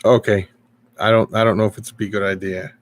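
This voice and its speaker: A man's voice: lowish voice, level tone, fast talker. A middle-aged man hosting a casual live stream, rambling and chatting with viewers as he reads their comments.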